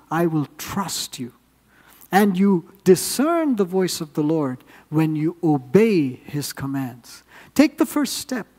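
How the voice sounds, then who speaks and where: Man, preacher, sermon delivery, earnest, slightly high voice, builds emphasis. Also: darkish tone, big-room sound.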